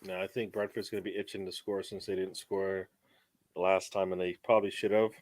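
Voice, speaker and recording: This man has a low voice and talks casually on a football panel. He gets animated and loud when he calls his picks. The recording is dry and close. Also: fairly quick, no echo. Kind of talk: casual chat among football fans.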